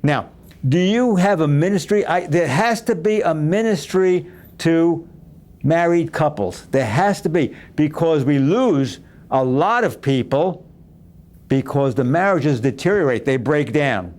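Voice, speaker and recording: A man's voice: fairly high pitch, lively intonation, measured pace, darkish tone. A man hosting a talk show, speaking to viewers in an earnest, exhorting way and repeating phrases for emphasis. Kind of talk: preaching talk show host.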